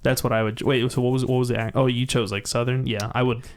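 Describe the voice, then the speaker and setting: A young man from the United States co-hosting a podcast in casual chat, joking and quick to laugh. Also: medium pitch, level tone, clear, resonant tone. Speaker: podcast co-host.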